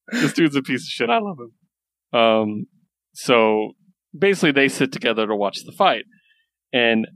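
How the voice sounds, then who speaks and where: A man co-hosting a casual comics podcast, enthusiastic and quick to laugh as he acts out scenes from the books. His pitch sits in an ordinary middle range, and the recording is dry and close, with no room sound. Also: a bit bright, dry recording. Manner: enthusiastic, laughs often, acts out characters' lines. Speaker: podcast co-host. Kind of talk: casual comic review chat.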